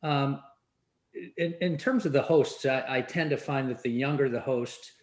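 Podcast guy asking careful questions, kinda echoey room sound. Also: medium pitch. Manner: thoughtful, measured questioning. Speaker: podcast co-host. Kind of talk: casual podcast conversation.

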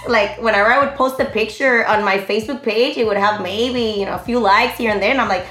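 A woman in her thirties, a guest telling her story in an animated, rambling way full of fillers. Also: a little high, quick pace, few pauses. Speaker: interview guest, online comedy creator. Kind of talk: casual interview chat. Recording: roomy echo.

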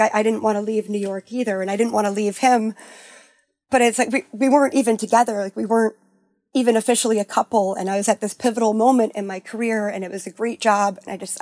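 A woman sharing a personal story in a candid, halting way, full of "like" and restarts, her voice sinking low at the sad parts. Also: dry recording, studio quality. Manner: halting, full of "like" and restarts, softening to near-whispers at sad moments.

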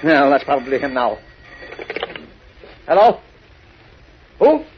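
An actor playing an excitable, blustering older newspaper chief in a 1940s radio drama. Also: male voice, medium pitch, slow, slight background noise. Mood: flustered. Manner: flustered, exclamatory. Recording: lo-fi old radio broadcast.

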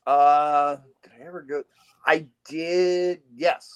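A man, a guest on a podcast interview and a marksmanship instructor, telling casual stories with lively sound effects and frequent laughs. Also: a little high, slow, clean tone, highs cut off.

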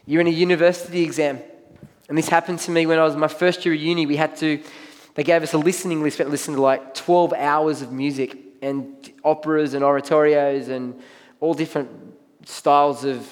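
A pastor with a slightly high voice gives a sermon with a big-room sound in a church hall. He speaks conversationally, playing out the things people say to themselves.

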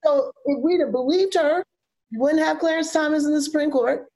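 A woman's voice: high voice, a little fast, warm tone. A woman hosting a conversational interview, reflective and building up rhetorical questions. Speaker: podcast host.

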